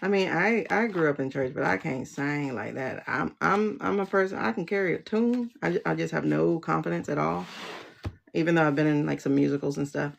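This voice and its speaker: A woman's voice: low-pitched, creaky. A woman hosting a casual livestream, rambling and emotional, with many restarts and laughs. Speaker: livestream host, tarot reader. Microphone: phone.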